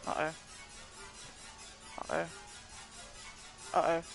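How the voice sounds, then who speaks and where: A young man chatting casually to his viewers during a game livestream, excitable and swearing often. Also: extremely slow, faint music behind, low-quality recording. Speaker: gaming livestreamer. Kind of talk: casual live commentary to chat.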